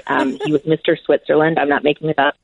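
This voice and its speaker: Gravelly-voiced woman on a tinny line. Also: low voice, flat delivery, fast talker, no echo. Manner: enthusiastic storyteller, laughs often. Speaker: sports broadcaster, guest. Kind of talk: casual interview chat.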